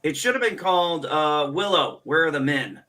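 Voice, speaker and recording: A man's voice: on the high side, normal speed, sharp tone. A man hosting a casual stream, ranting sarcastically and swearing freely. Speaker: streamer host.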